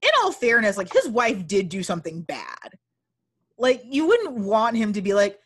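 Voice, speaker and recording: A young woman talking casually on a podcast, her pitch leaping up and down as she gets into it. She swears freely and slips into mock voices to act out what people might say. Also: moderate pace, husky. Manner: animated, profane, acts out voices of characters. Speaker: podcast co-host. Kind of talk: casual chat about a book.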